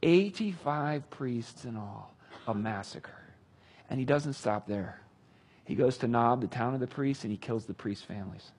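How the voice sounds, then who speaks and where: A man retelling a Bible story with casual, animated commentary. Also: medium pitch, a little slow, husky. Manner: animated, conversational. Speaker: Bible teacher.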